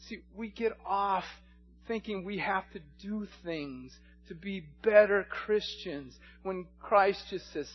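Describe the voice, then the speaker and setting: A man's voice: sits high, takes it slowly, highs cut off. A man, a pastor, preaching a sermon and telling stories, at times rising to passionate pleading. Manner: storytelling, rising to impassioned pleading.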